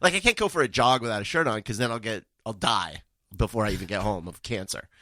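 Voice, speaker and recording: A man's voice: lowish voice, animated, fast, pushed and bright, a little hiss or hum. A man from Arizona chatting casually on a podcast, rambling and restarting his sentences. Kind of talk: casual chat.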